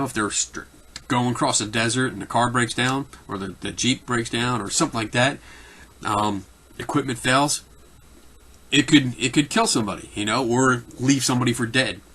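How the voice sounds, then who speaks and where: Man, Philadelphia accent, bright forceful tone, casual unscripted talk, rambling, lots of ums. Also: medium pitch. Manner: rambling, many fillers and restarts. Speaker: host answering viewer questions.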